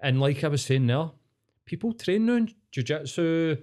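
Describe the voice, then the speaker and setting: A man's voice: on the high side, moderate pace. Sweary Scottish man telling a story. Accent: Scottish, Glasgow. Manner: sweary, animated storyteller, acts out quotes. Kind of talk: casual storytelling chat.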